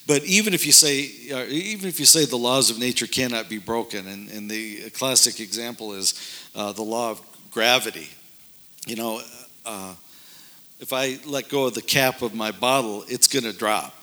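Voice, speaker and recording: A man's voice: medium pitch, moderate pace, pushed and bright. A man speaking earnestly in casual discussion about faith and miracles, telling a story with many fillers and restarts.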